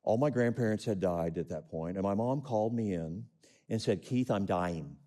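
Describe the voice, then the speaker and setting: A man's voice: on the low side, normal speed, mellow. A middle-aged man preaching a sermon, reading scripture and asking the congregation questions with rising emphasis. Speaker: pastor.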